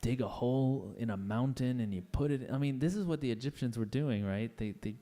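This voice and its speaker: A man's voice: medium pitch, a little fast, mellow. A man giving a casual, playful talk to a live audience, chatty and acting out little scenes in voices. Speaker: conference speaker.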